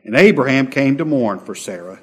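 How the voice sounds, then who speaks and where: A male pastor delivers a sermon in a husky voice of middling pitch. He builds to loud, emphatic lines and drops to quiet, tender asides, often asking the congregation short rhetorical questions. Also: animated, fairly quick, big-room sound. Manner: preaching with rising emphasis and softer asides.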